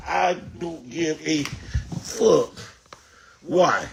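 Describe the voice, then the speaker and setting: A man's voice: fairly high pitch, animated, slow, creaky, long pauses, noisy background. A man from Miami ranting and pleading on a livestream about his sneaker collection, exasperated, profane and repetitive. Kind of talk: emotional livestream rant.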